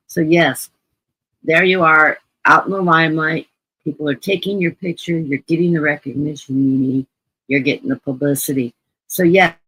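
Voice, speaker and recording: Woman, husky voice, dry close sound, chatty tarot reader on a live stream, repeats words. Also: sits low, a bit bright, dry recording, low-quality recording. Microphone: computer mic on a live stream.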